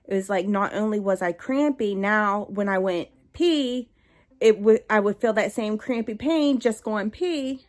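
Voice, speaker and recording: A young adult woman speaks straight to her viewers in a candid, conversational vlog, her voice sitting at an ordinary middle pitch. She circles back and restarts often, filling pauses with ums and you-knows as she tells her story. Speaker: vlogger. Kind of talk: personal storytelling to camera.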